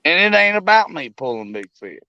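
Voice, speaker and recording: A man's voice: fairly high pitch, big pitch swings, a little fast, gravelly, sharp tone, dull audio. Laughing, folksy man chatting on stream. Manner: laid-back, laughs a lot, folksy slang. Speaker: fishing guest on a live stream. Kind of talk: casual live-stream chat.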